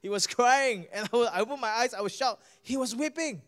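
High-voiced Singaporean man preaching. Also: a little fast. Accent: Singaporean English. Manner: animated storytelling, asks the audience "right?" and "guess what?". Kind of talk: sermon with personal testimony.

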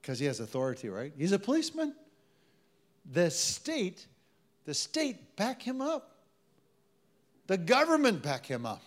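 A man's voice: high-pitched, huge pitch swings, unhurried, pauses often. A man preaching a sermon to a live congregation, telling stories in a conversational way and calling on the audience to respond. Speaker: pastor.

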